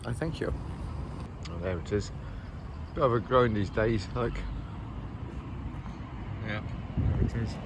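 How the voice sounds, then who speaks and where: A man's voice: fairly low pitch, slow, pauses often, background noise. A Scottish man in his fifties, rambling casually to camera as a vlogger and often digressing. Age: 50s. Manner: rambling, digressive, keeps calling viewers "folks".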